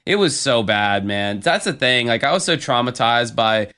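A man's voice: mid-range voice, expressive, normal speed, sharp tone, smooth. A man co-hosting a casual podcast chat, venting bluntly with plenty of swearing. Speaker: podcast co-host.

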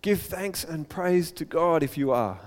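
Male pastor, high voice, animated preacher, reverberant hall. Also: unhurried. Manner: animated storytelling, acts out crowd voices. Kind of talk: sermon.

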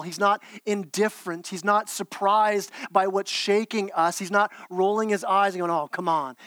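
A man's voice: high voice, a bit bright, dry recording. A man preaching a sermon as pastor, earnest, with repeated words and restarts.

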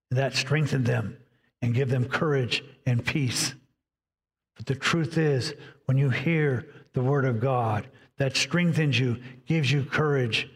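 A man preaching a sermon, reading scripture aloud and voicing inner dialogue with dramatic pauses. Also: medium pitch, breathy edge, big-room sound. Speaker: pastor.

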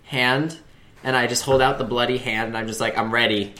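Very low-voiced woman player. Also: fairly even intonation, brisk, sharp tone. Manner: eager, giggly. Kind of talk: casual chat at a tabletop game.

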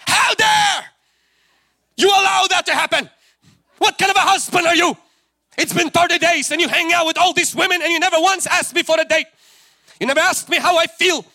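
A male preacher voicing a bold young queen, in a shrill and scolding voice. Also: animated, a little fast, a bit bright. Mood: furious.

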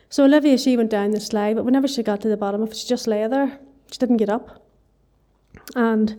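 A woman's voice: on the high side, warm tone. Earnest Northern Irish woman giving testimony. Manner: earnest storytelling with many "you know" fillers and wee. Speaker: church member giving testimony. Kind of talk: personal testimony.

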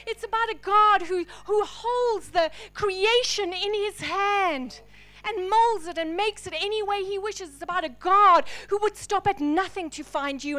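A woman pastor with a very high voice preaches a sermon. She moves from ringing declarations down to soft, breathy whispers. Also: moderate pace. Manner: dynamic preaching, swinging from loud declarations to hushed whispers.

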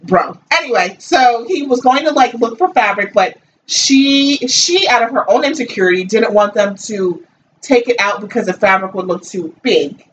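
A woman from Jamaica co-hosting a podcast in casual chat, emphatic and quick in bursts. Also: a little high, expressive. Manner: emphatic, talks in quick bursts with "listen" and "girl". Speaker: podcast co-host. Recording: dull distant mic with faint hiss.

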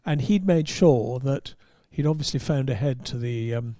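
A man, a podcast host and motoring journalist, telling an anecdote in an animated way and chuckling at his own punchlines. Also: mid-range voice, moderate pace, dry recording, studio quality. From England. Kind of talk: anecdotal storytelling.

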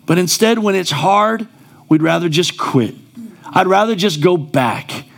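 A man's voice: sits high, lively intonation, a little slow, gravelly, a bit bright. A male pastor preaching a sermon in a church, conversational and then rising to emphatic exclamations.

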